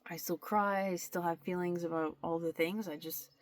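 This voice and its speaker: A woman's voice: fairly low pitch, fairly even intonation, normal speed. A young woman in a candid, confessional vlog, talking straight to her camera with many restarts and fillers. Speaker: vlogger. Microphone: camera mic.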